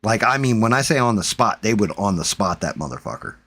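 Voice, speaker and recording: A man's voice: on the low side, very animated, quick pace, a bit bright, slightly rough, no echo. A man hosting a live stream, telling a story in casual, profane chat and acting out what people said. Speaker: streamer host.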